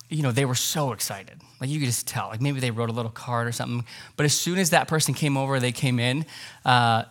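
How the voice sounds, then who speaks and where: Bright-voiced energetic male pastor preaching. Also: a little high. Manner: conversational, energetic, animated with lots of fillers. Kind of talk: sermon. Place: church sanctuary.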